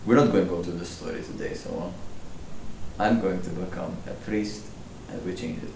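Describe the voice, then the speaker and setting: A man's voice: low voice, fairly even intonation, moderate pace, a little mellow. Rambling man, roomy echo. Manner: rambling, joking, laughs often. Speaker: podcast host. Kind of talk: casual podcast chat. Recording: roomy echo, distant mic, faint noise.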